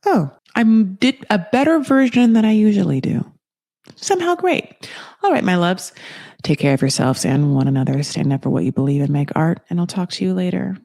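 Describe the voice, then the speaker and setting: A woman with a low voice full of vocal fry talks through a podcast recap in a loose, rambling way. She is sarcastic, swears freely and teases her listeners. The sound is dry and close, with no room around it. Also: expressive, moderate pace, warm tone, no room sound. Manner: playful and self-mocking. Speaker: podcast host. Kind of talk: casual reality TV recap chat.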